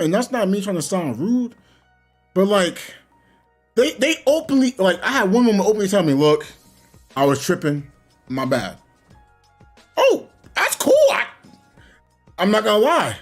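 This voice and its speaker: Animated young man telling gaming stories. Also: high voice, normal speed, faint music behind. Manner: animated storytelling, laughs often, slangy. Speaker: gaming streamer. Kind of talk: casual chat.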